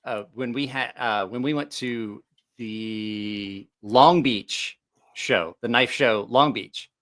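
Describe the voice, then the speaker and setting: A man hosting a casual podcast chat, telling animated stories and jumping up in pitch when he quotes people. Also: slow pace. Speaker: podcast host.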